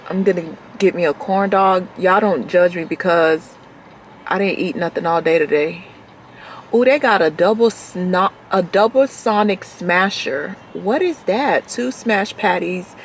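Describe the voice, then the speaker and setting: A woman chatting casually to her vlog camera from her car. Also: on the low side. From Florida. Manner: chatty, animated storytelling, calls people baby. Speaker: vlogger. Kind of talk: casual chat to camera while driving. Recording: road noise from the car.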